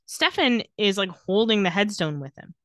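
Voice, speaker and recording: A woman's voice: mid-range voice, very animated, moderate pace, dry recording, studio quality. A woman co-hosting a podcast, recapping episodes in casual chat and acting out lines with jokes. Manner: recaps scenes, acts out quotes with jokes. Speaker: podcast co-host.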